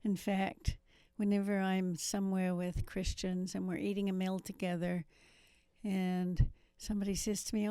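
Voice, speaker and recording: A woman's voice: mid-range voice, level tone, moderate pace, mellow, smooth, no room sound. A woman in her seventies from New Zealand, with a faint New Zealand accent, telling her life story as an interview guest with self-mocking asides. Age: 70s. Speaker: guest missionary. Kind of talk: testimony interview.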